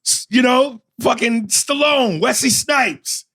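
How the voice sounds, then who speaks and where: A man co-hosting a podcast, loud, profane and joking in casual chat. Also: very high voice, slow, dry recording, studio quality. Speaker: podcast co-host.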